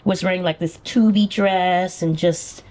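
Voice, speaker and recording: A woman's voice: lowish voice, steady tone, measured pace, a little mellow, slight background noise. A woman hosting a podcast in a casual chat, teasing her guest and prompting her with questions. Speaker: podcast host.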